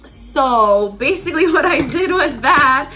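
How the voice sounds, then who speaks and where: A young woman tells a story in a loose, chatty way, her voice bright and fairly high, with "like" dropped all through it. She acts out the people in her story as she goes. Soft music plays behind her. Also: animated, measured pace. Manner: chatty, heavy use of "like", acts out quotes. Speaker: vlogger. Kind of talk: casual storytime monologue.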